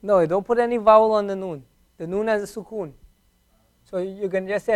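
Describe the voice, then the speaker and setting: A man teaching a beginners' class in a classroom, patiently repeating each word slowly for his students. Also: high-pitched, fairly even intonation, a little mellow. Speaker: Arabic teacher. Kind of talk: classroom language lesson.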